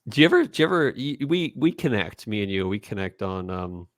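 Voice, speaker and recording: A man co-hosting a casual podcast, animated as he tells stories and acts out what people said. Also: fairly low pitch, fairly quick, no room sound, studio quality. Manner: animated storyteller, quotes people in voices. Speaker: podcast co-host. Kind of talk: casual chat.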